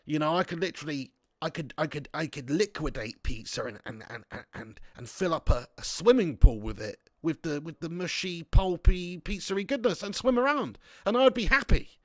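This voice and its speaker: Chatty guy hosting a football watch-along, jokey rambling banter, slightly high voice, dry sound. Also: expressive, moderate pace, no room sound. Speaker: livestream host reading viewer chat.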